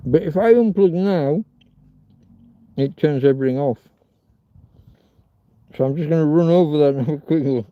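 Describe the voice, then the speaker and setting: A man's voice: fairly high pitch, normal speed, long pauses, dry recording. A man chatting on a rambling, casual livestream from a field, crude and swearing as he jokes around. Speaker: livestreamer cooking outdoors. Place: outdoors in a field. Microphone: phone. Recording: dull lo-fi phone audio.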